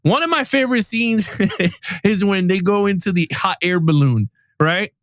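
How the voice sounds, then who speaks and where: A man with a high, light voice talks through a film in casual podcast chat. He gets animated, acting out scenes and laughing along. The sound is dry and close to the mic. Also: normal speed, dry recording. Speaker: podcast co-host. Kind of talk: casual movie review chat.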